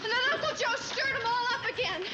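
Very high-voiced, eager young daughter, roomy sound, audience laughter. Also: female voice, expressive, quick pace, highs cut off, background noise. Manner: eager, chatty. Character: cheerful young daughter, a tomboy. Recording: old sitcom with laugh track.

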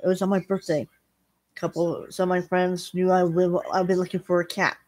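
A woman's voice: lowish voice, level tone, a little mellow. Rambling middle-aged woman vlogger. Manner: rambling, halting storytelling with many restarts. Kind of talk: casual chat.

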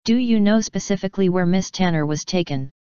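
A woman's voice: lowish voice, a little fast, warm tone, clear, resonant tone, dry recording, highs cut off, natural voice. A woman voicing a stern female pony who is head of security, speaking firmly and giving orders. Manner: firm, commanding.

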